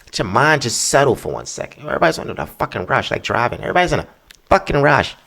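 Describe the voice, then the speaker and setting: Quick-paced and creaky, with a medium pitch, a man rants alone on his podcast. He swears freely, wanders from point to point, and stays animated throughout.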